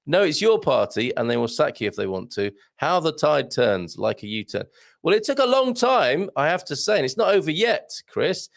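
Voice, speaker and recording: A man's voice: a little high, big pitch swings, moderate pace, gravelly. A middle-aged British man hosting a live show, chatting casually and wryly as he reads out viewer comments, with many ums and asides. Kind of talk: casual live-stream chat.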